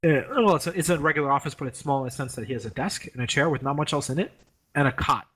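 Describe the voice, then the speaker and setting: A young man casually telling a story, animated, swearing freely and acting out the people in it. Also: a little high, racing, breathy edge. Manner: animated, swears a lot, mimics the professor in raised voice. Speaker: former grad student telling a story.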